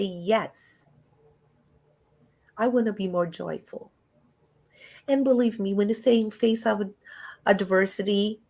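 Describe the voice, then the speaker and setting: A woman giving a lively spiritual talk over a video call, animated and often laughing, with big jumps in pitch. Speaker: guest speaker.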